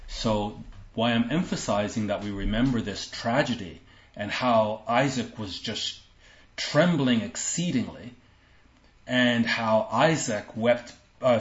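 Man, sermon, earnest and emphatic, repeats phrases, lowish voice, muffled lo-fi sound. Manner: earnest, emphatic, repeats himself, acts out the quoted characters. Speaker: Bible teacher. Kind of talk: sermon, reading and explaining scripture. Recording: roomy, dull lo-fi recording.

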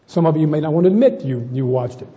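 A man's voice: fairly high pitch, lively intonation, quick pace, dark tone, in a large hall, dull audio, slight background noise. A man preaching a sermon to a congregation, addressing them as brethren and often repeating words as he searches for the next.

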